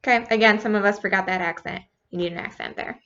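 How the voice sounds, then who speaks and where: A woman's voice: medium pitch, quick pace, a bit bright. A woman teaching a recorded lesson, casual and patient, spelling words out letter by letter. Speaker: Spanish teacher. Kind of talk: recorded classroom feedback lesson. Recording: slightly dull lo-fi recording.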